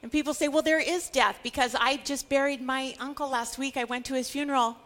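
A woman's voice: sits high, fairly even intonation, fairly quick, a bit bright. A middle-aged woman teaching a Bible study, earnest and building to emphatic declarations.

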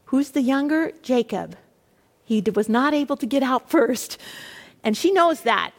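A woman leading a Bible study for women, reading scripture and adding expressive, conversational asides. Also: high voice. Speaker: Bible teacher. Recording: echoey hall reverb.

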